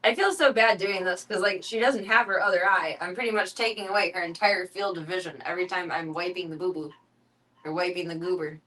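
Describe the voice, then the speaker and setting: A woman's voice: fairly low pitch, brisk, fairly bright tone. A young woman streaming from home, chatting casually, swearing freely, and cooing baby talk at her pets. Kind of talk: casual live-stream chat.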